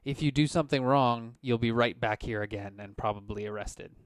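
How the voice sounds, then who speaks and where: A man's voice: medium pitch, fairly quick, a little hiss or hum. A man acting as game master, narrating scenes and speaking for council members and guards.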